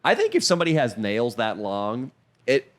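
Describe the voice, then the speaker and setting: A man's voice: mid-range voice, very animated, moderate pace. A man co-hosting a comedy podcast, riffing crudely in casual chat and breaking into silly voices. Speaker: podcast co-host.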